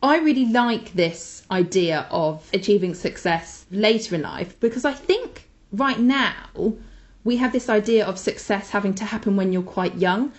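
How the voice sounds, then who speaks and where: A woman co-hosting a casual podcast. She gushes with enthusiasm as she recommends things she loves, in an ordinary middle-pitched voice. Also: animated, a little slow. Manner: enthusiastic, gushing. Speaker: podcast co-host.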